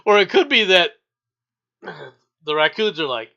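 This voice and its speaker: A man's voice: sits high, big pitch swings, slow pace, vocal fry, bright, forceful tone. A man hosting a casual news review podcast, reading stories with joking asides. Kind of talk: casual comic news chat. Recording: dull lo-fi sound.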